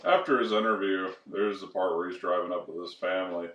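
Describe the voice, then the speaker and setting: A man's voice: low-pitched, fairly even intonation, brisk, a bit bright. A man co-hosting a podcast in casual chat, adding dry jokes. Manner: dry, joking interjections. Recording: echoey room sound.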